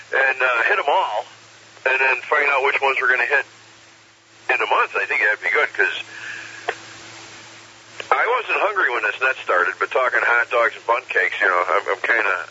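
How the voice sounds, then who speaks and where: A man's voice: mid-range voice, sharp tone. A man on an amateur radio net, chatting playfully and bantering with the others. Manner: playful, bantering, laughs often. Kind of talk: casual radio chat. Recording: lo-fi radio audio with faint hiss.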